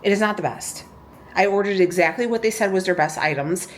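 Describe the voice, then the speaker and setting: A woman's voice: medium pitch, fairly quick, slight background noise. A woman vlogging casually, showing a shopping haul and ranting in a chatty way with lots of "okay?" asides. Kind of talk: casual chat.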